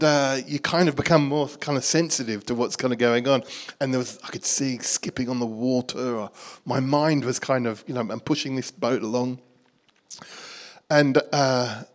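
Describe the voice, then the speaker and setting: A middle-aged Australian man preaching, telling a lively story and acting out the dialogue with a laugh in his voice. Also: medium pitch. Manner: animated storyteller, acts out dialogue, laughs at himself. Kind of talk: storytelling sermon.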